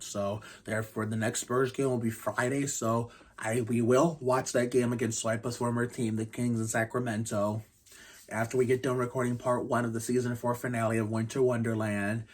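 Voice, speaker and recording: Rambling man talking quietly, flat tone. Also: mid-range voice. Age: 30s. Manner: rambling, restarts often, casual swearing; speaks quietly to keep the noise down. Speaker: channel host reviewing basketball games. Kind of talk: casual game review vlog.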